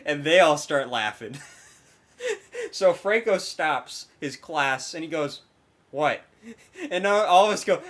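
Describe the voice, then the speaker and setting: Young man, bright tense voice, slightly high, animated laughing storyteller, casual podcast chat. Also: slow, pauses often. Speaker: podcast co-host.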